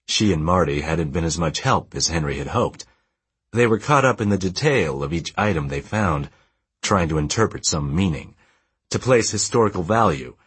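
A man reading an audiobook in a steady, measured storytelling manner. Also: low-pitched, slightly rough, no echo. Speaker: audiobook narrator. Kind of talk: scripted narration.

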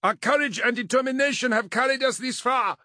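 A man voicing a scarred female officer who gives an impassioned, shouted battle speech to her troops in an audiobook. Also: very high voice, unhurried, dry recording, clean studio sound, voice pushed up. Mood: rallying.

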